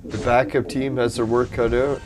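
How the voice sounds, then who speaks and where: Man, casual game commentary, a bit hoarse, mid pitch, excitable swearing, music behind. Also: normal speed. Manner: cursing, excitable reactions to the game. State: hoarse, losing his voice. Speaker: gameplay commentator.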